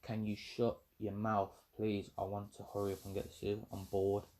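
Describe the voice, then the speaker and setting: A man voicing a cold, indifferent young male fighter in a flat, uncaring tone. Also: lowish voice, normal speed, natural voice.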